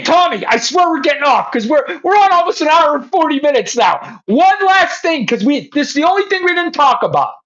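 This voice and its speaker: Very high-pitched, excitable woman host. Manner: excitable, laughing, swearing freely. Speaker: show host. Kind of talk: casual chat. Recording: dull lo-fi audio.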